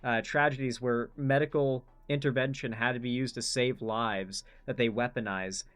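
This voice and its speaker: A man reacting to clips as the host of a casual commentary channel. His voice sits at a middle pitch, and he talks bluntly, swears freely and rambles through restarts. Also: fairly even intonation, moderate pace, a bit bright, clear, resonant tone, soft background music.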